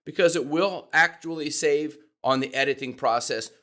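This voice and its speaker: A man giving podcast speaking tips to camera, expressive and demonstrating changes in pitch and pace as he explains. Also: normal speed. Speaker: podcast coach. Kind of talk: instructional talk to camera.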